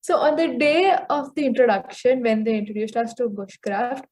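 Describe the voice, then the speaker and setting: A woman's voice: fairly high pitch, moderate pace, a little mellow. A teenage girl, co-hosting a podcast and chatting casually as she starts her own story. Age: teens. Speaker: podcast co-host.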